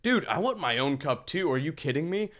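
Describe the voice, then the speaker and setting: A man's voice: fairly high pitch, very animated, fairly quick. A man in his thirties chatting casually as he streams a game, rambling with profane asides.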